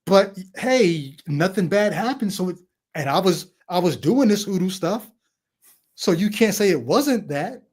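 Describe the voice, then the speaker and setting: A man with a somewhat high voice hosts a relaxed film chat. He reflects out loud, circling back to the deeper implications of what he saw. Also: a little slow, husky. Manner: reflective, thinks aloud about meanings. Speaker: podcast host. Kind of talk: casual film discussion.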